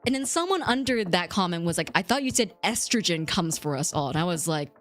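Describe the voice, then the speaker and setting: A young woman chats with her stream audience in an animated, swooping voice. She darts up into squeaky highs and drops into goofy low tones. Faint music plays behind her. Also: fairly quick. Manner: animated, bouncing between squeaky highs and mock-deep lows. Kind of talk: casual chat with viewers.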